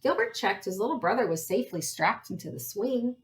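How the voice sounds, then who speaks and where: Expressive woman reading a picture book. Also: mid-range voice, fairly quick. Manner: expressive, adds asides to listeners. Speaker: storybook reader.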